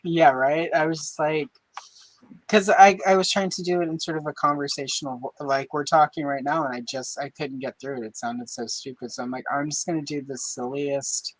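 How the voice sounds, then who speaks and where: A woman's voice: deep voice, steady tone, brisk, no echo, low-quality recording. A woman hosting a live stream, chatting casually and joking at her own expense. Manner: chatty and self-deprecating. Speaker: host.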